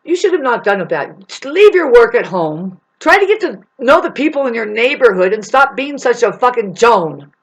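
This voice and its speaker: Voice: mid-range voice, sing-song, normal speed, few pauses, poor audio. A vlogger delivering an angry, rambling, profane monologue that warns and scolds the listener. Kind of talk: ranting monologue.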